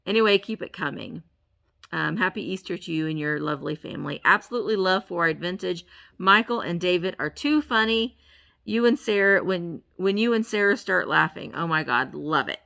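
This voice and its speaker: A woman's voice: on the low side, lively intonation, normal speed, creaky, sharp tone. A woman vlogger chatting casually as she unboxes a package, gushing over each item and talking playfully to the objects. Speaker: reseller vlogger.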